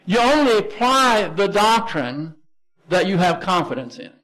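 Preaching in a Texan accent, this pastor keeps his sermon conversational and emphatic, easing his pace to underline important phrases. He sounds high-pitched, sing-song, and a bit bright, captured on poor audio.

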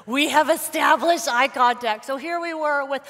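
A woman in her forties speaks as a guest at a church service and tells stories in a lively way. Her voice sits high. The sound rings with the long reverb of a large church hall. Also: normal speed. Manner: warm storytelling, acts out her son's shouts. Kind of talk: Mother's Day sermon talk. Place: church sanctuary.

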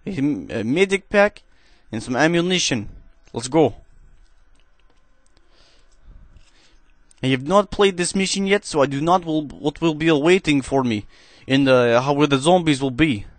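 A man doing gameplay commentary in a cheesy put-on Russian accent, speaking halting, broken English into a headset. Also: fairly high pitch, expressive, no room sound. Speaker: gaming commentator.

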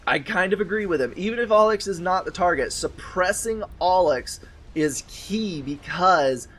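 A man's voice: high voice, animated, normal speed, fairly bright tone, slightly rough. Man casting a strategy game, wry. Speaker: game caster. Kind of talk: game commentary.

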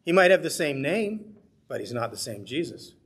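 A male pastor leads a midweek Bible study, speaking earnestly and conversationally in a slightly high, husky voice with a sing-song lilt at normal speed. Now and then he slips into the voices of the people he quotes.

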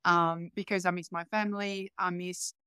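A woman in her forties with a Croatian accent speaks English as a second language, giving earnest, reflective interview answers. Her voice is low and smooth, recorded dry and close. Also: level tone, normal speed, pushed and bright, no room sound. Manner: earnest and reflective, non-native grammar. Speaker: podcast guest, healer coach.

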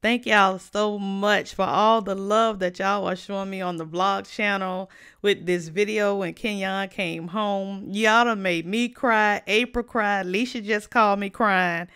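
A woman talks to her viewers in a relaxed, unhurried way while she eats. Her voice is smooth and clear, and she chats between bites, savoring the food and humming over it. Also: mid-range voice. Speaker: mukbang vlogger. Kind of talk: casual eating chat.

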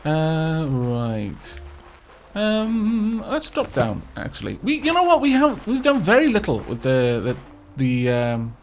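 Brief: man, let's play host, casual self-deprecating commentary, animated delivery, soft music bed. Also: fairly high pitch, slow. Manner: chatty, self-mocking, stammers on restarts.

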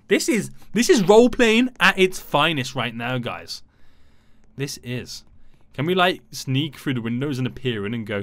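A man giving excitable, chatty gameplay commentary to his viewers. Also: high voice, no room sound. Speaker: gaming YouTuber.

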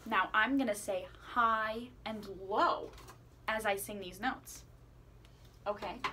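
A woman teaching children a playful singing lesson, asking questions and encouraging them as she swoops her voice high and low. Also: takes it slowly, a little hiss or hum. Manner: encouraging, asks the listener questions. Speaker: music teacher.

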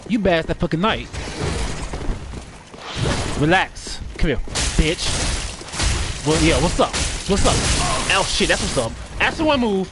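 A man's voice: high voice, sing-song, a little slow, pauses often, background noise. A man doing live gameplay commentary, trash-talking and cursing at enemies while he plays. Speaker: gaming streamer.

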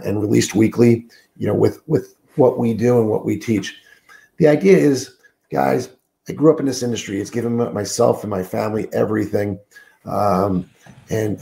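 A middle-aged man with a heavily gravelly, dark voice talks as a sales trainer on a podcast. He sounds groggy and under the weather, leaning hard on his points and repeating words, with plenty of fillers. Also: on the low side. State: groggy, sick voice. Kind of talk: podcast interview, coaching talk. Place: room alone, remote call.

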